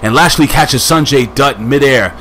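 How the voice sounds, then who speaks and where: A man casually reviewing a wrestling show, rambling and joking with quick asides, hyped up on strong coffee. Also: mid-range voice, a little hiss or hum. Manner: rambling, jokey, lively asides.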